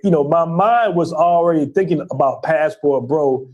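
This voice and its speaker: Guy talking kinda high, laid back, lotta you knows. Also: normal speed, muffled recording. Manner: relaxed, filler-heavy, says "you know" often. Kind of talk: casual explaining.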